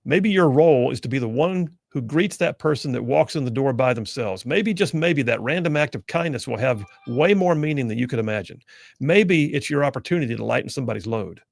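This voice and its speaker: A man's voice: mid-range voice, expressive, fairly quick, gravelly, no echo, studio quality. A man hosting a radio talk show, telling a story in an earnest, conversational monologue. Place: radio studio.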